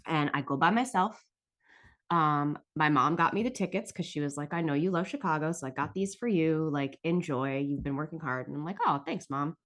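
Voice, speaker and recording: A woman's voice: low-pitched, normal speed, a bit bright. A young woman hosting a podcast, telling a personal story in a casual, emotional way, with frequent swearing and filler words. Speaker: podcast host.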